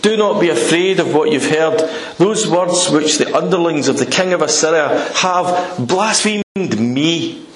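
A man's voice: fairly high pitch, normal speed, hardly any pauses. A man preaching a sermon, acting out prayers in an urgent, impassioned voice. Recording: echoey church hall with faint noise.

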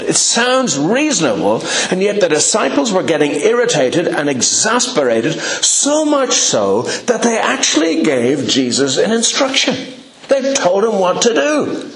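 A man preaching a sermon, telling a Bible story with rhetorical questions and acted-out quotes. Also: sits high. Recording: echoey room.

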